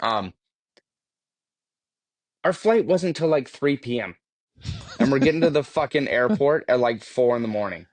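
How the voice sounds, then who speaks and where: A man's voice: mid-range voice, expressive, measured pace, long pauses, dry recording. A man guesting on a podcast, telling stories casually, swearing freely and laughing as he goes. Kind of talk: casual storytelling. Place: podcast studio.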